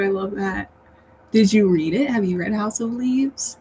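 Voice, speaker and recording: A woman's voice: mid-range voice, measured pace, warm tone, poor audio. A woman hosting a casual livestream, chatting with her viewers in a rambling way and laughing often. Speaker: livestream host reading chat. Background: faint fan hum.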